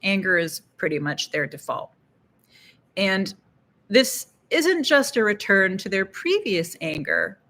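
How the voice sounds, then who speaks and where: A woman's voice: medium pitch, very animated, takes it slowly, sharp tone. A middle-aged woman, a psychologist hosting an educational talk, explaining with dry, sardonic asides. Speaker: psychologist and channel host.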